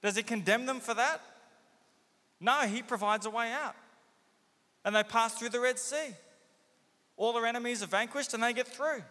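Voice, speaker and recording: A man preaches with a bright, forceful voice that sits a little high for a man. He keeps firing rhetorical questions and slips into the voices of the people in his story. His words ring out with a long reverb, as in a large hall. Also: brisk, long pauses. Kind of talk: sermon.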